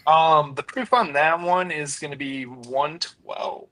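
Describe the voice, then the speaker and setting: A man's voice: a little high, takes it slowly, fairly bright tone, slight background noise, low-quality recording. A man giving short, laid-back answers as a guest in a casual chat. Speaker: guest taster.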